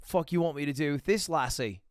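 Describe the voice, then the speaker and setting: A man putting on a gruff, swearing friend with a mock British, Welsh-style accent, in a lower, drawling voice. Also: brisk, dry recording, studio quality, lightly acted.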